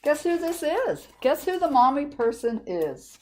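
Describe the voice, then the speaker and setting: Slow-paced woman reading a storybook. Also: sits high, very animated. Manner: gentle, asks children questions. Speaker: children's librarian. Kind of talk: storytime read-aloud to children.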